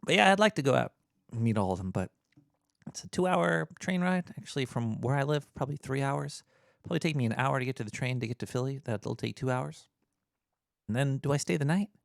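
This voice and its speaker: Gravelly, laid-back male podcast host. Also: medium pitch, no room sound, studio quality. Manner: rambling, laid-back, halting with many fillers. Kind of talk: casual rambling radio talk.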